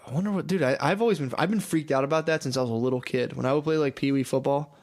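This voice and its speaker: A man's voice: mid-range voice, rapid-fire. A young man co-hosting a podcast, bantering crudely and joking in casual chat. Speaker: podcast co-host.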